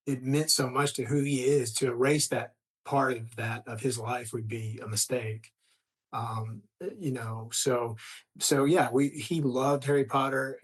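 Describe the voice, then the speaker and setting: A middle-aged man, a screenwriter chatting as an interview guest, rambling with many restarts and trailing off softly. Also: medium pitch. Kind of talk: casual interview conversation.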